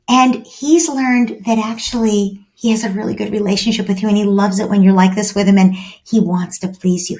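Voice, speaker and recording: A woman who is a parenting expert, speaking as a guest in a podcast interview. She speaks in an animated way and acts out little parent-child scenes. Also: medium pitch.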